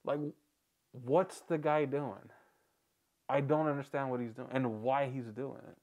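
A man's voice: medium pitch, fairly even intonation, measured pace, a little mellow, dull audio. A man hosting a reaction video, chatting casually, rambling and joking with frequent laughs.

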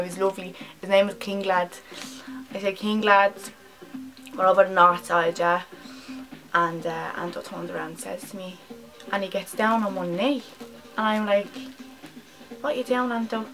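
A woman playing a brash young Dublin woman with a Dublin accent, telling a loud, sweary story to her friends in a comedy monologue. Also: on the low side, close to an everyday voice, rough recording.

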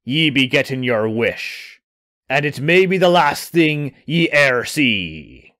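A man's voice: mid-range voice, expressive, takes it slowly, fairly bright tone, pitched below the performer's own voice. A man growling as a menacing pirate captain. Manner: snarling, threatening, archaic speech.

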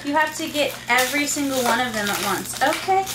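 A woman's voice: high-pitched, expressive, fairly quick, background noise. A woman, a mother and channel host, chatting through a casual unboxing and talking sing-song baby talk to her little kids. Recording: echoey room, mic far off, faint ambience.

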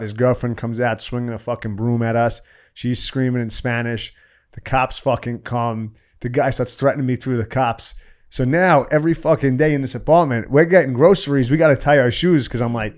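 A man's voice: medium pitch, brisk. A man on a podcast telling a story with lots of swearing, acting out what people said. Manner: animated, profane storyteller acting out quotes. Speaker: podcast guest. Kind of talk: casual storytelling chat.

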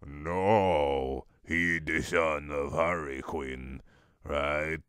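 A man voicing a scheming, theatrical young villain in a comic fanfic reading, with a slow, mock-menacing delivery. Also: extremely low pitch, fairly even intonation, fairly bright tone, clean tone, dry recording, studio quality, pitched below the performer's own voice, full character voice.

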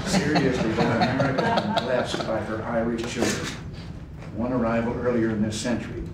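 An older man giving a formal ceremonial speech as president, telling wry folksy anecdotes. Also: medium pitch. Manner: folksy storyteller, wry joke delivery. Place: large ceremonial room. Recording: echoey hall from far off, noisy archive recording.

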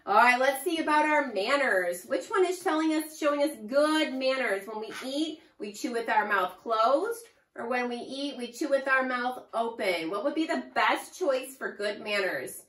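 A woman teaching a preschool lesson to young children, with a slow, sing-song and exaggerated teacher delivery. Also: sits high, lively intonation, fairly bright tone. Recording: echoey room, far from mic.

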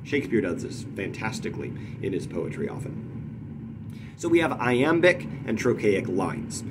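Lively, low-voiced man teaching poetry. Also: moderate pace, noisy background. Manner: lively, tapping out rhythms with nonsense syllables. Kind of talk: explanatory lesson.

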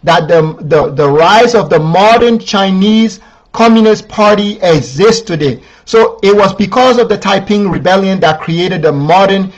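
Lecturer, male, high-pitched, stop-start delivery with many repeated words, muffled lo-fi sound. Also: expressive, a little slow. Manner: repetitive, many restarts and filler "the, the". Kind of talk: unscripted history lecture.

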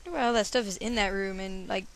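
A young woman does bubbly, casual let's-play commentary from home, talking very fast in a medium-pitched voice. She giggles and chats to her cat as she plays.

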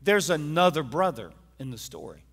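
A man's voice: a little high, very animated, normal speed, a bit bright, breathy edge, in a large hall. A man preaching a sermon, retelling a parable and sharing his own story earnestly. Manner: earnest storytelling, personal testimony. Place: church.

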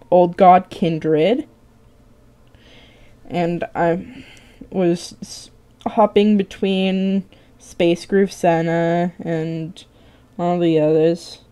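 A woman's voice: lowish voice, dark tone. Tired, rambling young woman streamer. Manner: rambling, self-deprecating, swears casually. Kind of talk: casual live-stream chat while drawing.

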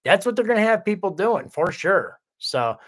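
A man's voice: high voice, very animated, normal speed, husky. A man hosting a casual livestream, reading viewer comments aloud and rambling with lots of swearing and restarts. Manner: rambling, profane, full of restarts.

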